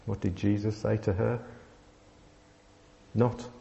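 A man preaches in a low, mellow voice, telling a story in a halting way with many fillers. The sound is dull and muffled. A long reverb trails each phrase, as in a large hall. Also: slight background noise. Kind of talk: sermon with a personal story.

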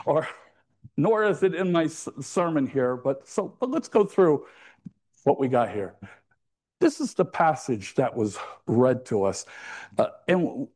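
A man preaching a sermon in a church. His voice sits a little higher than most men's. He keeps it conversational and teases the congregation with little jokes along the way. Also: darkish tone.

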